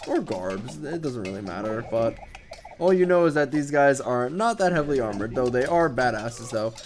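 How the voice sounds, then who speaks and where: A man's voice: mid-range voice, lively intonation, normal speed, darkish tone. A man giving casual, rambling commentary over his strategy game, swearing now and then, with game music behind him. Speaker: gameplay commentator.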